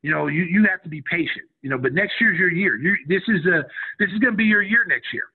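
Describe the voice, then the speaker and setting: A man's voice: high-pitched, quick pace, breathy edge. A middle-aged man, a former college basketball player, casually telling a story on the radio and acting out what others said. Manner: animated, acts out quotes of others. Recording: tinny phone-like radio audio.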